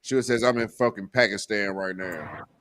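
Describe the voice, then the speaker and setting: A man's voice: lowish voice, expressive, moderate pace, slight background noise. A man in loose, profanity-heavy casual chat, telling joking stories. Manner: loud, profane, joking storyteller.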